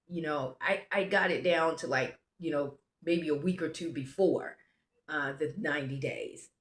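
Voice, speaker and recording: With a deep voice at a moderate pace, a travel vlogger from the United States tells a casual travel story. She rambles, interrupts herself and keeps restarting her sentences, and there's a roomy echo.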